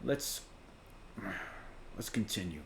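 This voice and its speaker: Profane, animated man reacting. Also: fairly low pitch, takes it slowly, echoey room. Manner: blunt and profane, swings from muttering to shouting. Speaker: reaction video host. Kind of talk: casual reaction commentary.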